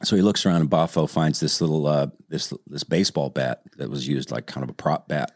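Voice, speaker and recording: A man's voice: rumbling low, a little fast, dry recording, studio quality. A man telling a long joke in casual conversation, rambling a little and acting out the characters. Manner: rambling storytelling with restarts and acted-out voices. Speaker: joke teller in casual group chat. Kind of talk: casual chat, telling jokes.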